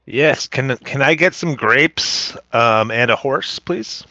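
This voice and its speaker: A man's voice: medium pitch, slow, pushed and bright, no echo. A man playing his character at a tabletop game, in a playfully haughty tone. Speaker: player. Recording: muffled lo-fi mic.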